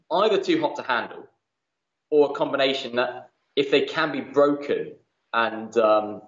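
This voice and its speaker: Chatty male guest, roomy dull sound. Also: mid-range voice. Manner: chatty, lots of "uh" fillers. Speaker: museum manager, guest. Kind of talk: casual interview chat.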